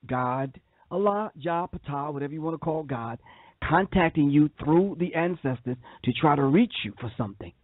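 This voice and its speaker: Husky New man, preachy radio co-host. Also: a little high, lively intonation, normal speed, dry recording. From New York. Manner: preachy, emphatic, repeats key phrases. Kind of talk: call-in radio talk. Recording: dry tinny phone line.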